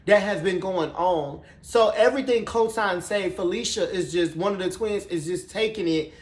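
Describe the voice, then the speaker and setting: Sassy high-voiced man dishing TV gossip. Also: normal speed. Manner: sassy, profane, animated storytelling. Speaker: TV show recap reviewer. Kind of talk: casual gossipy TV recap. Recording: roomy echoey room.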